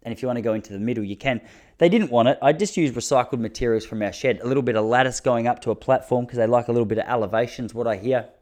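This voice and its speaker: A man with a medium-pitched, rapid-fire voice rambles through a casual storytelling monologue outdoors in his backyard. He's a vlogger talking to his audience, interrupting himself and dropping to a hushed mutter when the neighbour passes by.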